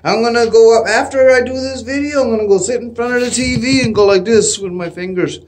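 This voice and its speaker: A middle-aged man from Canada vlogging at home in a casual, excitable way, laughing often and whooping loudly. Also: very high voice, quick pace. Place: home, indoors.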